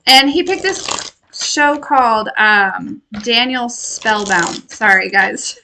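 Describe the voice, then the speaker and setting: A woman with a high, bright voice talks slowly to her viewers, wandering off on tangents and laughing often. She sounds affectionate as she delivers a casual spiritual message as a tarot reader. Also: creaky, slight background noise, low-quality recording. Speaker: tarot reader and intuitive healer.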